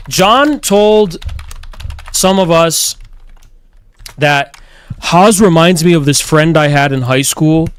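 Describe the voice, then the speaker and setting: A man's voice: fairly high pitch, clean tone. Blunt, cursing streamer man telling a story. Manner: blunt, swears a lot, quotes others mockingly. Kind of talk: casual storytelling.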